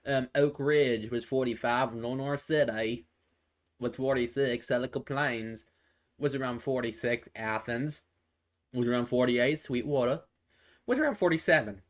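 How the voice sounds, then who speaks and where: A man's voice: medium pitch, unhurried. A man giving casual live traffic and weather updates into a phone, rambling and repeating himself with many fillers and restarts. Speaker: amateur weather and traffic presenter.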